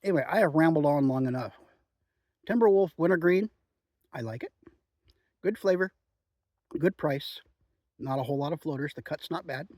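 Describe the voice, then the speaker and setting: A man chatting in a relaxed, rambling way outdoors in the woods while reviewing a chew. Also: medium pitch, no echo. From Oregon. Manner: chatty, relaxed, frequent "um" and "you know". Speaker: outdoor vlogger reviewing chewing tobacco. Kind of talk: rambling casual monologue.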